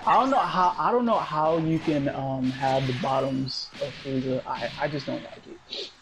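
A man's voice: mid-range voice, moderate pace, background noise. A man playing a video game with friends, giggling and stammering through repeated words. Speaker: gamer on a let's play channel. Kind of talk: casual gaming banter.

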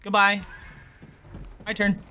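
A man streaming a video game, chatting casually and joking at the screen, often swearing when he gets excited. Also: high-pitched, takes it slowly. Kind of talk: casual gameplay commentary.

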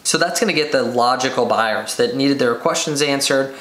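Recorded with a roomy echo, this male podcast host has a mid-range voice and runs a solo business show. He's energetic, rattles off quick lists, and plays the part of excited buyers.

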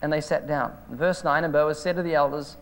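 Brief: male evangelist, high voice, storytelling sermon, hall echo from an old tape. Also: a little fast, vocal fry. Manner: storytelling, animated retelling of phone calls. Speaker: evangelist preacher. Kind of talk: sermon with anecdotes. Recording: hall reverb from an old videotape.

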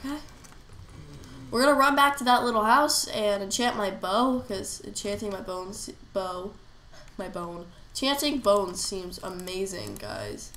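A woman's voice: medium pitch, expressive, a little slow, a bit bright. A woman with a cold-stuffed nose giving casual gameplay commentary, chatting to herself as she plays. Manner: chatty, talks to herself while playing. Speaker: gamer. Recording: roomy echo, faint noise.

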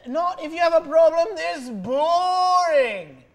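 A woman's voice: very high-pitched, animated, slow pace. A young woman in a student sketch comedy, playing an impatient, mocking therapist. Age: young adult.

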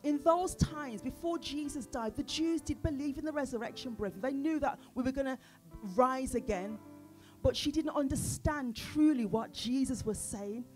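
Female preacher, sermon, fairly high-pitched, engages the congregation with questions; soft instrument music underneath. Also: normal speed. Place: church service.

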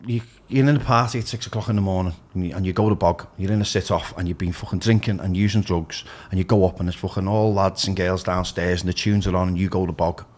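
A man's voice: sits low, fairly even intonation, fast talker, hardly any pauses, a little mellow. A middle-aged man with a Liverpool accent, speaking frankly and emphatically as a podcast guest, swearing freely. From Liverpool, England. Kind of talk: candid podcast conversation.

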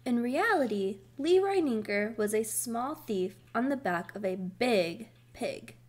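A woman reading a children's book aloud, slow, careful and expressive. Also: fairly high pitch. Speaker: storybook reader.

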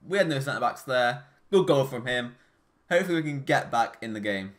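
A young man commentating live on his own football video game matches, excitable and swinging between groans and shouts. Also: mid-range voice, brisk. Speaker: gaming YouTuber.

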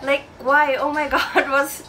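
A woman DJ reacting to a music video in a casual vlog, gushing with excited exclamations. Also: high voice, measured pace, low-quality recording. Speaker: DJ and reaction vlogger. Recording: music video playing loudly behind the voice. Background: music video playing.

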